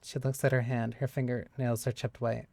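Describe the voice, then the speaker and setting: A game streamer talks in a mid-range voice, animated and chatty, often laughing and swearing while reading lines aloud. The sound is close and dry, on a desk mic. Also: medium pitch, moderate pace, vocal fry, no echo.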